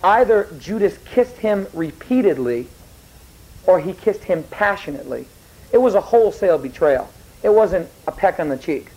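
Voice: mid-range voice, expressive, normal speed, darkish tone, breathy edge, low-quality recording. A teacher giving a history lecture in a classroom, rambling and digressing, correcting themself mid-sentence and asking the students questions.

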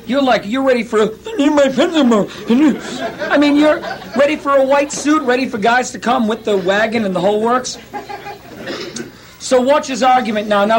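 Man, pastor, sermon, husky, high-pitched, animated storytelling. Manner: animated storytelling, acting out quotes with laughs.

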